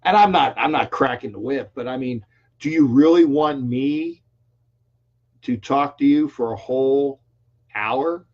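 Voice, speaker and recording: A man's voice: mid-range voice, a little slow, a little mellow. An older man hosting a casual call-in sports talk show, chatty and rambling, often restarting his sentences. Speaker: radio call-in show host. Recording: dull lo-fi stream audio.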